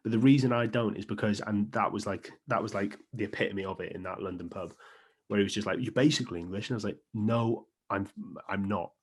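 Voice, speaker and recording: A young Welsh man with a Welsh accent, co-hosting a sports podcast in casual, animated chat. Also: on the low side, fast, slightly rough. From Wales. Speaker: podcast co-host.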